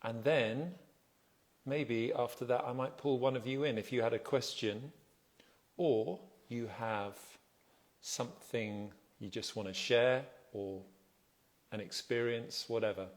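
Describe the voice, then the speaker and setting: Soft-spoken man hosting a livestream. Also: medium pitch, measured pace. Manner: chatty, greets viewers and reads out their comments; relaxed, soft-spoken, self-deprecating. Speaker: livestream host. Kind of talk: casual livestream chat. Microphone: phone livestream.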